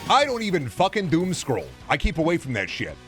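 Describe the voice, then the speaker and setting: Ranting, swearing man with a lively voice. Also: a little high, a little fast, soft background music. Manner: profane, ranting, exasperated. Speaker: streamer. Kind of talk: angry live-stream rant.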